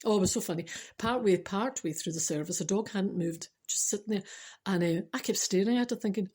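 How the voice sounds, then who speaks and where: A woman's voice: medium pitch, a little fast, darkish tone, slightly rough. An older Scottish woman telling a personal spiritual story in a chatty, laughing way, switching to earnest teaching. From Scotland. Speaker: spiritual vlogger. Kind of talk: casual storytelling to camera.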